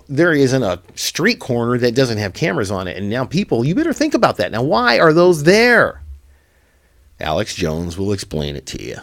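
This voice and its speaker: A male show host speaking straight to camera in a live stream, earnest and halting, with many restarts. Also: lowish voice, dry recording. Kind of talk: emotional address to camera.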